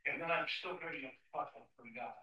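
A man preaching a sermon to his congregation, telling a travel story with acted-out dialogue before turning quiet and earnest. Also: a little high, quick pace, reverberant, far from the mic, slight background noise, rough recording. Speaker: pastor. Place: church sanctuary.

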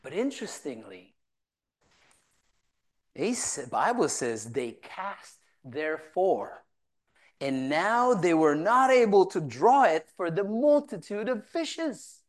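A woman's voice: fairly low pitch, sing-song, slow pace. A woman teaching from the Bible, reading verses aloud and retelling them in casual everyday talk. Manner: reads scripture then paraphrases it in casual voiced asides.

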